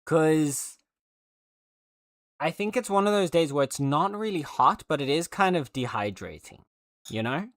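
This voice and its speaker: A man's voice: fairly high pitch, lively intonation, unhurried, long pauses, a bit bright, no room sound. Rambling male streamer, dry sound. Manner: rambling, chatty, full of fillers and restarts. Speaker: livestreamer. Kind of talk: casual livestream chat.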